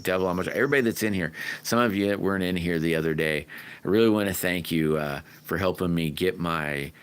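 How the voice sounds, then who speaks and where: A man hosting a casual livestream, chatting to viewers and greeting them by name in a rambling, friendly way, sometimes whooping loudly. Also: low-pitched, clean tone. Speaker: livestream host. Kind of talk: casual livestream chat reading viewer comments.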